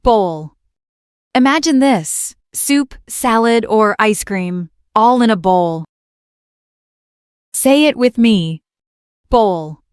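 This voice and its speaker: A woman teaching beginner English vocabulary, speaking slowly and clearly and repeating each word for learners to copy. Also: a little high, lively intonation, no room sound, studio quality. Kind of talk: beginner language lesson.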